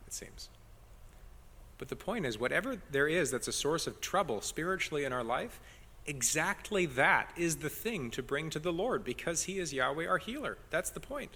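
A man's voice: mid-range voice, bright, forceful tone, in a large hall. A man preaching an expository sermon as pastor, earnest and building emphasis on key phrases.

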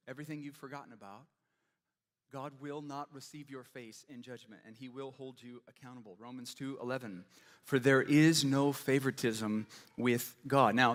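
A male pastor delivers a sermon in a relaxed, conversational way, weaving stories and questions to the congregation into his teaching. His voice sits at a middling pitch. A long hall reverb trails every phrase, as if the sermon was recorded in a large church sanctuary.

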